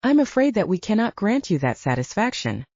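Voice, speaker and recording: A woman's voice: mid-range voice, sing-song, brisk, a little mellow, dry recording, voice pushed up. Woman voicing a firm young knight. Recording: dull lo-fi audio.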